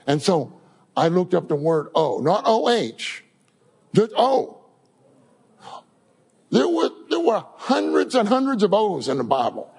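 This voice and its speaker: Male preacher, informal sermon, husky tone, slightly high, very animated pitch. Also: measured pace. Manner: animated, repeats words and calls out prayers.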